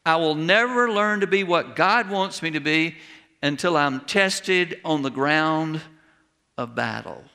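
A man's voice: on the high side, gravelly, sharp tone, long reverb tail. A middle-aged man preaching a sermon, telling folksy stories and building to emphatic exclamations. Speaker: pastor.

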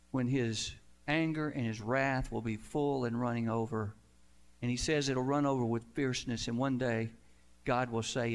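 A man delivering a sermon from the pulpit, his voice rough and gravelly at a middling pitch. He swells to loud emphasis, then stretches out his closing words and lets them fall. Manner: preaching with emphatic swells and drawn-out endings. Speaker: pastor.

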